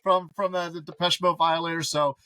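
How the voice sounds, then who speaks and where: A middle-aged man co-hosting a casual podcast, telling animated stories and swearing freely. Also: fairly high pitch, brisk, no echo. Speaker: podcast co-host. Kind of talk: casual chat.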